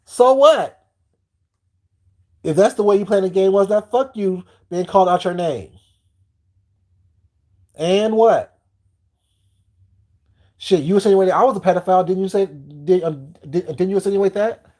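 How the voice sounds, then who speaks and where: A man with a fairly high voice ranting on a live stream. He talks to his chat bluntly and heatedly, swearing freely as he goes. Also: normal speed, pauses often, dark tone.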